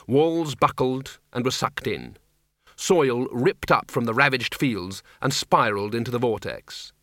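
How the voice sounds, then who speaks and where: Expressive man narrating a comic story. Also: medium pitch, no echo, clean studio sound. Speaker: audiobook narrator.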